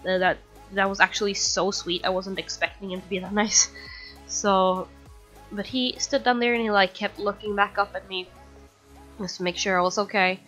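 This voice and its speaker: A woman's voice: medium pitch, steady tone, normal speed, a bit bright, faint music behind. A woman casually telling a personal story, rambling with lots of fillers and restarts. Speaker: storytime video creator.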